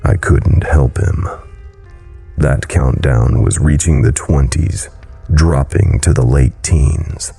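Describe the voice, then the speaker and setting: A man narrating a horror story in a low, brooding delivery. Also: slow pace, gravelly, dark tone, slightly rough, faint music behind.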